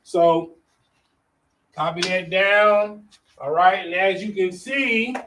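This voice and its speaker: A man leads a religious class in a relaxed, conversational way, often checking in with his listeners. His voice sits high and his pace is unhurried. He sounds a little distant from the mic, with a faint hiss behind him. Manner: casual, repeats "all right?" and "you know what I'm saying?". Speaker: class teacher.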